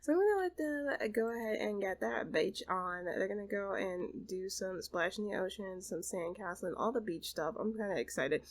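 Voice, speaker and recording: A woman's voice: mid-range voice, expressive, moderate pace, hardly any pauses, low-quality recording. A woman hosting and casually narrating a life-simulation game story, chatty and full of fillers. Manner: chatty, full of fillers like kinda and you know. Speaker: host and storyteller.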